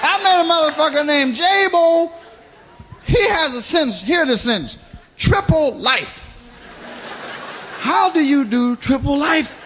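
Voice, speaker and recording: A man doing a stand-up routine, telling profane stories loudly and laughing along with his own jokes. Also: very high voice, expressive, normal speed, some chatter behind. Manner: loud, profane storytelling that keeps breaking into laughter. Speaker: stand-up comedian. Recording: noisy live recording.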